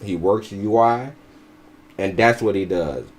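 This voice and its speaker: A man's voice: fairly low pitch, takes it slowly. A man giving blunt, profane, mocking commentary as a podcast co-host. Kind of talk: casual commentary.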